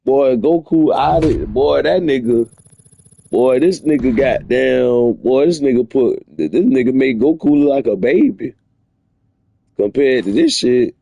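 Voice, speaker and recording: Gravelly dude w/ going off in disbelief on stream, mellow tone. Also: male voice, medium pitch, expressive, measured pace. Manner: incredulous, profane, rambling rants. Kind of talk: casual reaction commentary.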